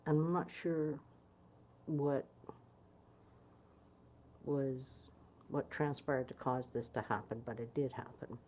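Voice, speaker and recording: A woman's voice: extremely low pitch, slow, long pauses, darkish tone, slight background noise. A woman from Prince Edward Island candidly recounting a personal family story, reenacting conversations as she talks. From Prince Edward Island, Canada. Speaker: guitarist sharing a personal story.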